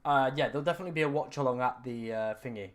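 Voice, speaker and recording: Hoarse young man streaming. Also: medium pitch, racing. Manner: rambling, self-correcting, talks to chat. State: strained, raspy voice after hours of talking. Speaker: fantasy football streamer. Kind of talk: live stream chat. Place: room at home.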